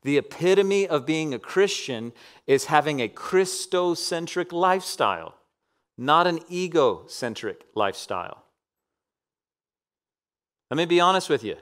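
A man in his thirties preaching a sermon as pastor, impassioned, swinging between loud emphatic lines and soft, hushed asides. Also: fairly high pitch, animated, unhurried, pauses often.

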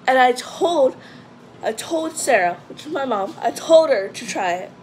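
A young woman with a high, bright-pitched voice rambles excitedly straight to her viewers. She keeps calling them guys, and she stumbles through restarts and fillers. A faint hiss of noise sits under the recording. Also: measured pace. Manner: rambling and chatty, often addresses the viewers as guys. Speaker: vlogger. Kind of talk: casual chat to camera.

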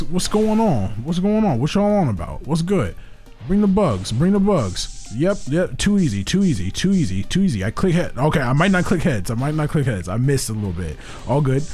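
A man giving excitable let's play commentary, repeating phrases over and over and trash-talking for laughs. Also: mid-range voice. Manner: joking trash talk. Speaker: video game player.

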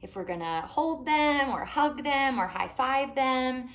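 A woman reading a picture book aloud to young children, animated and pausing to ask them questions. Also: sits high. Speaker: children's storytime reader.

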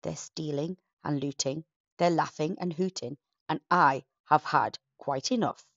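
A woman's voice: sits low, a little slow, creaky, a bit bright, no echo, lo-fi sound, full character voice. A woman voicing a brave, indignant female cat in a storybook reading. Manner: huffy, indignant.

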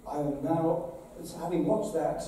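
A man's voice: fairly high pitch, steady tone, a little slow, mellow. A man, a bishop, giving an earnest, conversational address to an assembly, with dramatic retellings. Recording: very echoey hall, voice from far off, faint noise.

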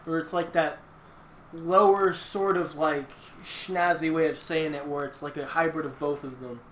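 A man's voice: fairly high pitch, steady tone, normal speed, a bit bright. A man playing a fighting game with friends, trash-talking and swearing like a mock commentator. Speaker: gamer. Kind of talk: casual let's play banter. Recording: echoey room, faint hiss.

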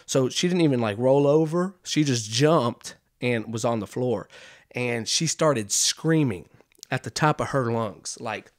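A young man hosting a podcast, telling a long comic story in a rambling, animated way with hushed deadpan asides. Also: medium pitch, unhurried. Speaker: podcast host. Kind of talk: comedic storytelling monologue.

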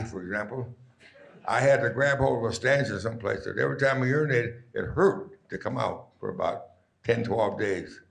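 A man's voice: mid-range voice, vocal fry, fairly bright tone, roomy sound. A man in his nineties, a guest speaker, telling stories to a live audience in a rambling, chuckling, folksy way. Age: 90s.

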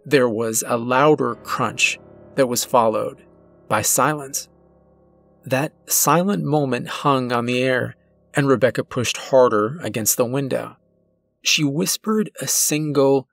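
A man narrating a horror story in a slow, deliberate, suspenseful way. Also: mid-range voice, dry recording. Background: faint background music.

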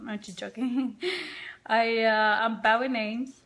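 Tired, chatty woman with a high voice. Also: little pitch movement, slow pace, a bit bright. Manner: chatty, rambling, talks to viewers and dog. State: tired, sleepy. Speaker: makeup vlogger. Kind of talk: casual live-stream chat. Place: home, indoors. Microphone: phone or webcam.

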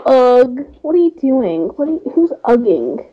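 A woman's voice: high voice, big pitch swings, a little slow. A young woman hosting a game livestream, chatting in a bubbly, giggly way. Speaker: livestream host. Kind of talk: casual game-stream chat. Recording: slightly muffled stream audio.

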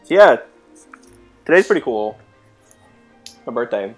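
A young adult co-host with a lively, swinging pitch chats through a video game playthrough. They tease their partner and laugh often in easygoing banter. Faint music sits behind the talk. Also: measured pace. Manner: playful, teasing, laughs often. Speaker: let's play co-host. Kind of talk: casual gaming chat.

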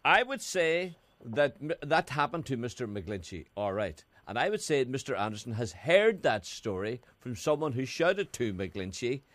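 A man's voice: medium pitch, very animated, moderate pace, hardly any pauses, a bit bright, no room sound. A man on a radio show, picking apart the host's story in an argumentative way. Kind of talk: radio banter.

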